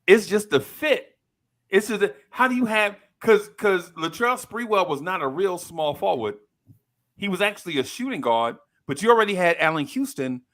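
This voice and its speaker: A man in his fifties, co-hosting a podcast, telling a story with lively energy and acting out the people in it. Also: high voice, normal speed. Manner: animated storyteller, acts out quoted people in a raised voice. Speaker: podcast co-host. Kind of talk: casual chat.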